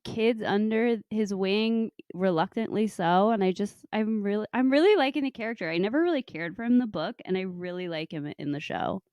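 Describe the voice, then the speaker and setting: A woman co-hosting a relaxed podcast, her voice smooth and clear as she shares opinions and laughs along. The recording is dry and close, with no room sound. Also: medium pitch, fairly quick, hardly any pauses, no echo. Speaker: podcast co-host. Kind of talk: casual chat about a TV show.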